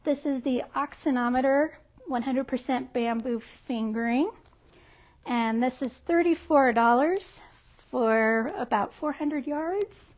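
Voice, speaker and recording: A woman's voice: high-pitched, darkish tone. A woman who works at a yarn shop, presenting products on a livestream in a bubbly, giggly, friendly way. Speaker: yarn shop staff member.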